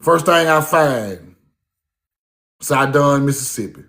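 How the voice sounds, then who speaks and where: Speaking slowly in a high-pitched voice, a man tells stories about what his grandmother taught him in a loose, casual monologue. His delivery is animated, conversational and profane, and he repeats points to drive them home.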